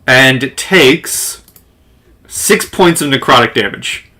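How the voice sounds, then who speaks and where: A man narrates a tabletop session as its game master, taking his time over each phrase. His voice sits at an ordinary pitch but sounds bright and clear, and he leaves unhurried pauses as he describes the action. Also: animated.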